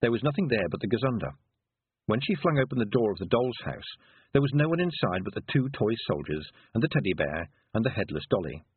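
A husky, breathy male narrator reads a story with a lively, rising and falling voice and well-placed dramatic pauses. He sounds dry and close. The sound is squeezed thin, like a phone line. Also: on the low side, dry recording. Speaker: audiobook narrator. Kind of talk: scripted narration. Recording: tinny, phone-like narrow sound.

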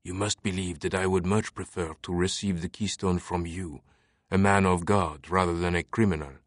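A man reading an audiobook who voices a scheming male mastermind with a French accent, speaking in a hushed, deliberate way and sometimes whispering. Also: sits low, steady tone, no room sound, studio quality, natural voice. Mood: hushed, commanding. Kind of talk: audiobook character voice.

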